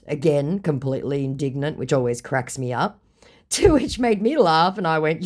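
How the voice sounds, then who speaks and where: A woman's voice: low-pitched, lively intonation, fairly quick, a little mellow. A woman telling a comic story in a sarcastic, mocking way. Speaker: storyteller recounting a chat. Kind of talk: comedic storytelling.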